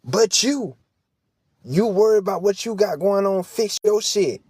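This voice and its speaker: A man's voice: sits high, lively intonation, unhurried, a little mellow, husky, no echo. A man vlogging in a heated, preachy monologue, swearing freely and close to tears. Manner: impassioned, preachy, profane. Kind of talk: emotional direct-to-camera monologue.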